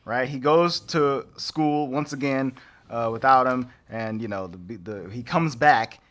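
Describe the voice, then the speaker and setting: Guy on a podcast retelling a movie, bright voice, doing little character bits and laughing. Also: medium pitch, measured pace. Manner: animated storytelling, acting out characters with laughs. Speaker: podcast co-host. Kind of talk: casual chat recapping a movie.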